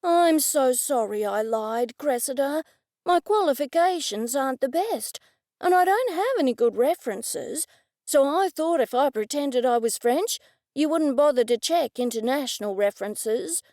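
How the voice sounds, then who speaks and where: A woman's voice: sits high, lively intonation, normal speed, warm tone, dry recording, studio quality. A woman voicing a nervous, apologetic male chef who pleads his innocence. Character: nervous male chef faking a French accent.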